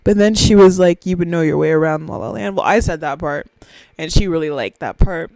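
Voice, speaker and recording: A young woman hosting a casual solo podcast, talking in an animated, silly, excitable way with sudden squeals. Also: lowish voice, fairly quick, creaky, dry recording. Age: young adult. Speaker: podcast host.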